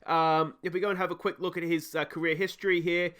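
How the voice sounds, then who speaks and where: A man's voice: fairly high pitch, flat delivery, fast, a bit bright. An Australian man hosting a let's play, chatting casually through game commentary with frequent ums and uhs.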